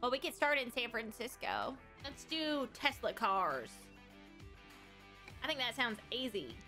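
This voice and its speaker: Brassy Southern trucker woman, played by a woman, bright, a bit high, crude and flirty. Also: expressive, a little slow, soft background music. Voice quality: drawling, calls everyone babies, cackles. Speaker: streamer playing a trucking game in character. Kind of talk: in-character game commentary.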